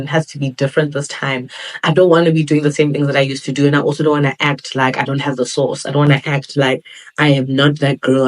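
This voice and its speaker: A woman's voice: deep voice, low-quality recording. Earnest young woman podcast host. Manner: earnest, motivational, with playful quoted asides. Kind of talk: solo podcast talk.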